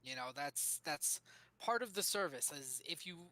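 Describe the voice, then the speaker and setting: Bright-voiced man running a tabletop game. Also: fairly high pitch, lively intonation, moderate pace. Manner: hesitant, many ums and uhs. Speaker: game master.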